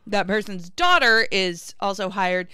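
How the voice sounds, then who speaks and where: A woman co-hosting a political podcast, chatty and animated, often saying "like". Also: mid-range voice, measured pace, smooth, no room sound, studio quality. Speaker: podcast co-host. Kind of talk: political commentary chat.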